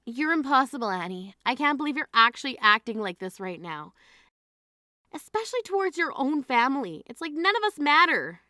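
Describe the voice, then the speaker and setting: A stern, indignant grieving sister, played by a woman in a dramatized text-message story, scolding with a high, bright, sharp-edged voice. The recording is dry and close, with no room sound. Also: big pitch swings, fairly quick, no room sound, exaggerated voice. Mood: exasperated. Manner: scolding, exasperated.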